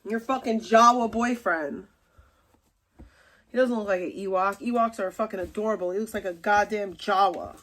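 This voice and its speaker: A woman's voice: medium pitch, normal speed, a bit bright. A young adult woman hosting a livestream, ranting angrily at someone in a profane, scolding way. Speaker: livestream host.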